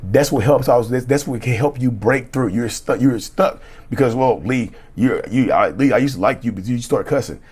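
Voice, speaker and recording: A man's voice: medium pitch, normal speed, hardly any pauses, darkish tone, husky. A middle-aged man speaking as a relationship coach, giving emphatic, repetitive, blunt motivational talk with cussing.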